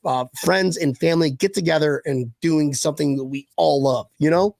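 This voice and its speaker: A man's voice: on the high side, normal speed, vocal fry, a little mellow, dry recording. A male host of a live web show, hyped and loose, swearing and calling everyone bro. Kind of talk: casual live-show chat.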